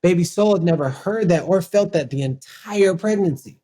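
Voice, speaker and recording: A man guest on a podcast, clarifying points and telling stories about his relationship in an animated way. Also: high-pitched, moderate pace. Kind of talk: candid relationship talk.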